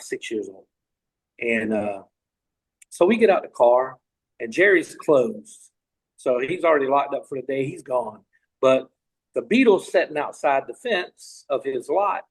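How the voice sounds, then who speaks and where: On a low-quality recording, a middle-aged podcast guest from Tennessee tells a long, rambling story packed with restarts and asides. He speaks at a medium pitch in a casual, anecdotal way.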